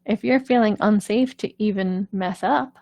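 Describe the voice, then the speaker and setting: Gravelly-voiced woman vocal coach, chatty. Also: medium pitch, unhurried, a little mellow, dry recording. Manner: chatty, reassuring, keeps asking "right?". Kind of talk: casual live-stream coaching talk.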